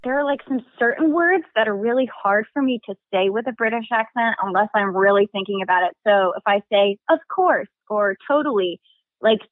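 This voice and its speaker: Calling a chat show anonymously by phone, a woman confesses in nervous talk punctuated by laughter and fillers. Her mid-range voice runs a little fast with few pauses, thin through the tinny line but free of echo.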